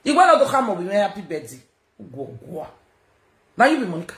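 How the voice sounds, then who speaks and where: A woman's voice: mid-range voice, sing-song, quick pace, reverberant. A woman with a Nigerian accent, ranting confrontationally to viewers on a livestream and slipping into Pidgin. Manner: loud, confrontational, mixes in Pidgin. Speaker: social media personality. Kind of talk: livestream rant.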